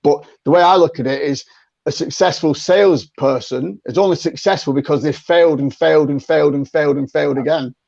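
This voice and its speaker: A man talks as a guest on a podcast, chatty and quick to act out sample phone calls, stumbling over repeated words as he restarts. His voice sits a little high. The sound is dry and lo-fi, like a video call. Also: vocal fry, darkish tone, no echo. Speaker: podcast guest, sales coach. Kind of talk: conversational interview.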